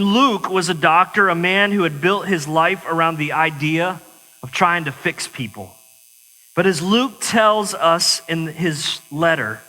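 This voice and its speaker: A man's voice: on the high side, pushed and bright. A man preaching a sermon in a church, talking in a conversational way and poking fun at himself. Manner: conversational, self-mocking humor. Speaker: pastor. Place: church sanctuary. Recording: long church-hall reverb.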